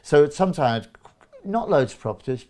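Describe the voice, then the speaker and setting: A man's voice: fairly high pitch, sing-song, fairly quick, dark tone. A man in his fifties from England, a guest in an interview, chatting casually and acting out little dialogues with many restarts.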